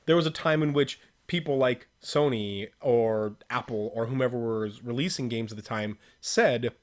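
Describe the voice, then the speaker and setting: A man co-hosting a casual chat, playful and quick with short interjections. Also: medium pitch. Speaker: podcast co-host. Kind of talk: casual chat about video games.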